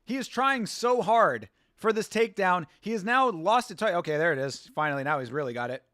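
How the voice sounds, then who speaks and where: Excitable high-voiced man yelling at a fight. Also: brisk, dry recording, studio quality. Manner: excitable, yells at the fighters, laughs often. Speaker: host of a fight watch-along show. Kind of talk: casual live fight reaction commentary. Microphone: close to the mic.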